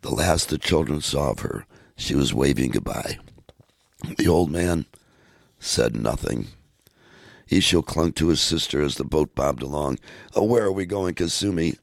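Very deep, gravelly man reading a story. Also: dry recording, clean studio sound. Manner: measured, steady reading. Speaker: narrator.

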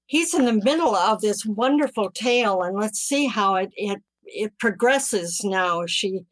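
A woman hosting and introducing her guest, speaking in a halting way with restarts. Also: mid-range voice, animated, poor audio. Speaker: host. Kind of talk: interview introduction.

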